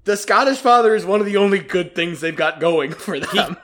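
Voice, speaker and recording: A man with a slightly high voice hosts a casual movie podcast, joking and laughing between his points. He talks in an easy, chatty way while he hands out scores. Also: moderate pace, a loud crowd. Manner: laughs often, jokey and animated. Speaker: podcast host scoring predictions. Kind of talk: casual movie-review chat.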